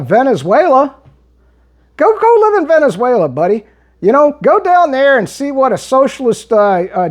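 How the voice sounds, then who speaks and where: Heated man ranting, lively pitch. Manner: heated and argumentative, with many restarts. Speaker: political commentary vlogger. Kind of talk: monologue reading and replying to viewer comments.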